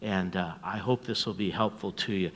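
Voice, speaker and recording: An older man preaching as a pastor, telling stories in a folksy, chuckling way and dropping to a hushed voice at tender moments. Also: deep voice, fairly even intonation, normal speed, in a large hall. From North America. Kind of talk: storytelling sermon.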